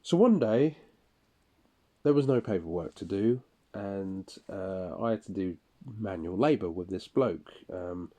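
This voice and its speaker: A man talking through a personal audio-diary monologue in halting, broken phrases full of restarts. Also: sits low, lively intonation, warm tone. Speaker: audio diarist. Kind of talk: personal monologue recalling incidents.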